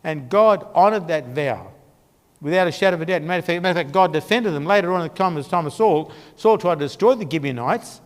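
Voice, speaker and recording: A man's voice: fairly high pitch, lively intonation, fast talker. A man teaching a Bible class, telling the history in a conversational, storytelling way while he points along a map. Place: church. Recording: long church-hall reverb.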